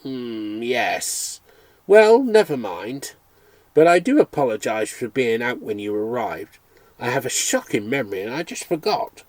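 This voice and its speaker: A man's voice: on the high side, slow, slightly rough, no echo, full character voice. A man doing an amused English country vet. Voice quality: relaxed, good-humoured.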